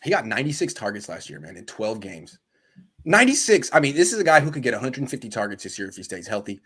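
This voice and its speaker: A male sports talk host speaks quickly and with lively swings in pitch. He keeps the banter excitable as he takes calls and trades opinions on players. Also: husky.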